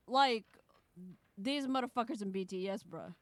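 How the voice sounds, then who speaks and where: A woman in lively casual chat, excitable and rambling, with frequent swearing. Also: fairly high pitch, moderate pace, crowd noise. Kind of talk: casual chat while reading a game.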